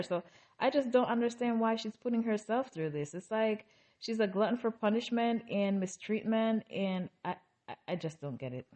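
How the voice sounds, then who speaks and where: A woman's voice: on the high side, moderate pace, a little mellow. A woman recapping a reality TV episode in a casual, opinionated way, breaking off into exasperated asides.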